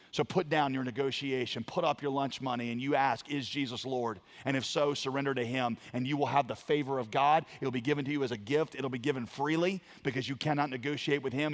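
A man preaching a sermon, building to loud emphatic lines and dropping to quiet ones. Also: mid-range voice. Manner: emphatic preaching, dramatic swings in volume. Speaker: pastor.

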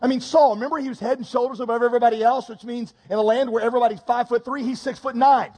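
A man preaching a sermon, reading scripture and adding quick comic asides. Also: very high-pitched, fairly even intonation, a little mellow, big-room sound. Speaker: pastor.

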